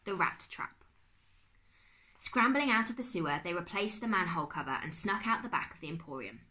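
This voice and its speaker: A woman teacher reading a chapter book aloud to her class, expressive and dropping to a whisper at tense moments. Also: on the low side, fairly quick. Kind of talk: storybook read-aloud.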